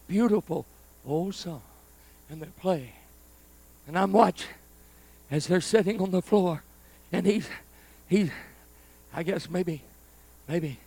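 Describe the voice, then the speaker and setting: A preacher man with a high-pitched voice and a gravelly edge tells a story from the pulpit during a live church service. He talks to the congregation in a folksy, personal way. His delivery is dramatic, rising to loud bursts and then dropping to near-whispers. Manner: folksy, conversational, addresses the congregation directly. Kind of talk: storytelling sermon.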